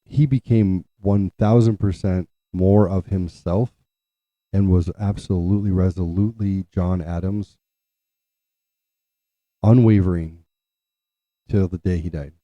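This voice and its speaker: A man's voice: low-pitched, fairly even intonation, a little slow, long pauses, no echo. A man telling a personal family story in a rambling way, often restarting his sentences. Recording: dull lo-fi, dry.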